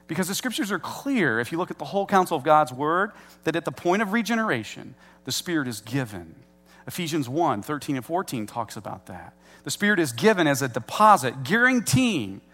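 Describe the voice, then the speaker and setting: A middle-aged pastor preaching a sermon in a conversational way, slowing down to stress key words. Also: male voice, a little high, very animated, a bit bright.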